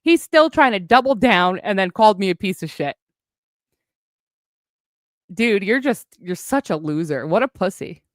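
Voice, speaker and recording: A woman's voice: medium pitch, animated, normal speed, long pauses, no room sound. Profane, heated woman ranting, dry sound. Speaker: streamer addressing online critics. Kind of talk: angry livestream rant.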